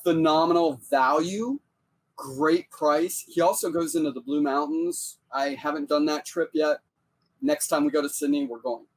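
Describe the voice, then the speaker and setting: A chatty man co-hosts a food podcast in a relaxed, playful way. He talks over a video call, his voice sitting a little above the usual male pitch. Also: normal speed. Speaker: podcast co-host. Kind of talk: casual interview chat.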